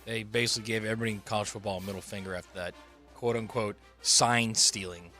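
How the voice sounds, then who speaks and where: A man's voice: on the low side, fairly even intonation, fast, pushed and bright, faint music behind. A man co-hosting sports radio, giving blunt, emphatic opinions. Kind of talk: casual sports radio debate. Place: radio studio.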